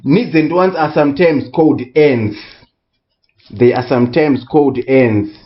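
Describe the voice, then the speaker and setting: A man tutoring economics in a recorded lesson, speaking deliberately and repeating key words for emphasis. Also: mid-range voice, lo-fi sound. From Southern Africa.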